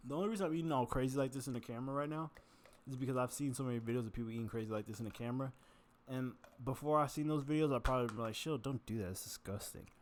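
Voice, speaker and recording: Man, mid-pitched, stuffy-nosed, chatting and joking between bites; casual, swears. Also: rapid-fire, slight background noise. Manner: rambling, joking, swears casually while eating. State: congested nose, full, chewing. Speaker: vlogger. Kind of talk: casual eating vlog chat.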